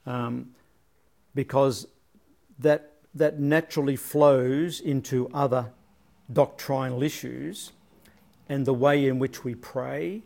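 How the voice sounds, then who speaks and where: A man's voice: medium pitch, fairly even intonation, slow pace, gravelly, pauses often, warm tone. A man leading a casual Bible study, thinking aloud and often repeating words as he searches for his phrasing.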